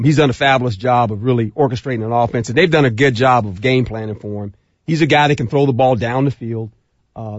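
A middle-aged man talking football as a guest on sports radio, acting out scenes in a rising, animated voice. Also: mid-range voice, no echo. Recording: dull lo-fi radio audio.

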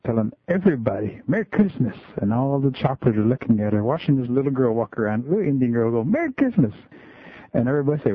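Husky man telling a story by phone. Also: medium pitch, no echo. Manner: relaxed folksy storytelling, many "just kinda". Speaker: school and community storyteller. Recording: tinny phone-like radio line.

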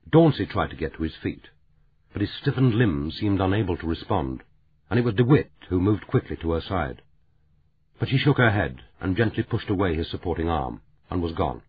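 A male narrator reads a novel in a measured, even manner. His voice is deep and husky. The recording is narrow like a phone line. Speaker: audiobook narrator. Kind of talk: scripted audiobook narration. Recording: narrow phone-like audiobook sound.

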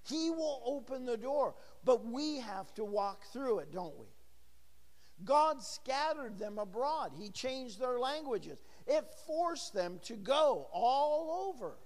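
A man's voice: extremely high pitch, very animated, slow, in a large hall. A middle-aged man preaching a sermon in a church, talking with the congregation and asking them questions. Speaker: pastor.

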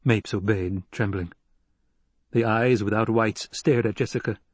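A man narrating an audiobook in a measured, even storytelling manner. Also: fairly low pitch, slightly rough, no echo. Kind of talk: scripted narration.

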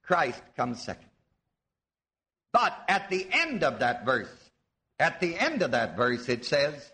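A man preaching to a live congregation with a high, bright voice that swoops up and down a lot. He teaches at an unhurried pace, quizzing his listeners and leaning hard on key words. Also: very animated. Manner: teaching, asks the audience questions, stresses words slowly. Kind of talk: sermon. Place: church before a live audience.

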